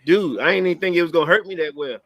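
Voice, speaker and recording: A man co-hosting a casual sports chat show, telling loose, animated personal stories. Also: fairly high pitch, very fast, no echo. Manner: loose, storytelling, animated impressions of family. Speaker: podcast co-host.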